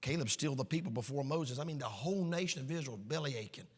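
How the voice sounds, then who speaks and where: A man preaching a sermon, emphatic and storytelling, swinging between shouts and hushed asides. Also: medium pitch, lively intonation, fast talker, husky, long reverb tail. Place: church sanctuary.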